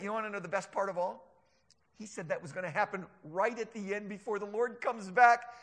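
A man preaching a sermon, animated, sometimes mimicking mocking scoffers. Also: high voice, brisk. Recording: long hall reverb.

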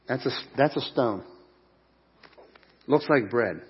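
A man's voice: mid-range voice, lively intonation, slow, breathy edge, dull audio. A middle-aged man preaching a sermon at a church service, earnest and emphatic, with repeated phrases. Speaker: pastor.

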